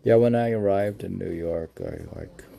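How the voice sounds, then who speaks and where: A man's voice: low voice, wildly swooping pitch, moderate pace, vocal fry, warm tone. A man hosting a podcast, casually reading poetry aloud and mocking himself in a back-and-forth with his own questions. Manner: self-mocking, argues with himself in question and answer. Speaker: podcast host.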